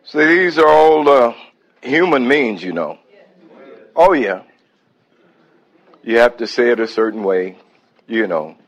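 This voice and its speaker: A man's voice: medium pitch, lively intonation, slow pace, long pauses, rough recording. A man preaching a sermon, breaking off into praise and hallelujahs between points.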